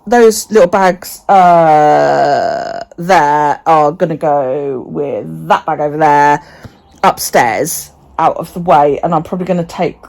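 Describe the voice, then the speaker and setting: A woman's voice: low voice, gravelly, darkish tone. Chatty woman vlogging at home. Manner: chatty, swears freely, talks to her dog. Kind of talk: casual vlog chat.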